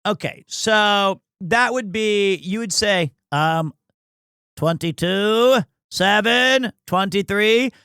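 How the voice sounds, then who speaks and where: A man riffs through casual sports commentary, rambling, crude and quick to mock himself. His voice sits notably high. The sound is dry and close, with no room echo. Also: pushed and bright, clear, resonant tone. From United States. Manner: rambling, crude, self-mocking. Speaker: streamer.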